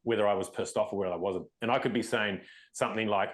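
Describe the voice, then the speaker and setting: A middle-aged man holds forth in a relaxed podcast conversation, delivering his points in a rapid stream. His voice sits somewhat low, and he explains earnestly, often backing up to restart a thought. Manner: earnest, explains leadership ideas at length with many restarts. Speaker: podcast co-host. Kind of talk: casual podcast discussion.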